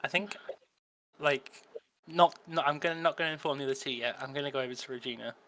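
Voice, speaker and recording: A man's voice: medium pitch, quick pace, pushed and bright, slight background noise, rough recording. A man playing a tabletop game, talking casually and a little unsure. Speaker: player.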